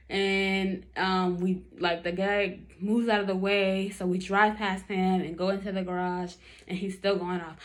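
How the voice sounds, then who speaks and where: A woman's voice: medium pitch, fairly even intonation, a little slow. Chatty woman telling a story. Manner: chatty, many fillers, acts out quotes. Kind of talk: casual storytelling to camera.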